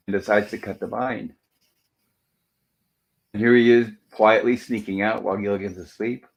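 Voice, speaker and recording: A man hosting a casual show recap, narrating scenes and reading dialogue aloud. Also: on the low side. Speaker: host.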